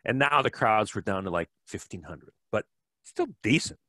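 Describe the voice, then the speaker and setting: Middle-aged Wisconsin man, podcast guest, low voice, dry close sound, rambling storyteller. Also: expressive, normal speed, sharp tone, no echo. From Wisconsin, USA. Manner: rambling, many fillers and restarts. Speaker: podcast guest, bike fitter. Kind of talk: casual storytelling.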